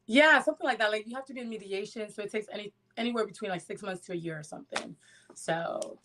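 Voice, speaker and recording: A woman's voice: medium pitch, fast, fairly bright tone. A woman answering questions as a guest on a dating show, chatty with many fillers. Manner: chatty, filler-heavy, assertive. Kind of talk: casual interview answers.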